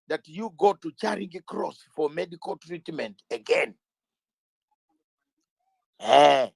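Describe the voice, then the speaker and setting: A middle-aged man with a notably high-pitched voice holds forth in an interview like a lawyer making a case. He speaks emphatically, stacks up rhetorical questions and repeats key words. The sound is dry, with almost no room echo. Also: gravelly, husky. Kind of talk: impassioned interview talk.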